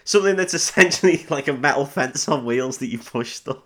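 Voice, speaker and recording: A man's voice: medium pitch, lively intonation, brisk, sharp tone. A man hosting a comedy podcast, recapping a film in a loose, rambling way, laughing often and dropping into silly voices. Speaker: podcast host.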